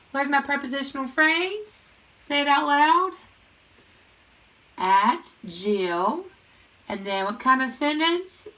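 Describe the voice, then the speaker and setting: Using a high voice, a woman teaches a recorded grammar lesson where she calls each word and its part of speech in an even call-and-response rhythm.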